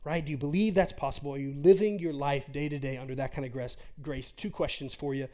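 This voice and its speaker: A man's voice: medium pitch, fairly even intonation, fast talker, a little mellow. A man in his forties preaching an earnest, conversational sermon as a pastor, full of rhetorical questions.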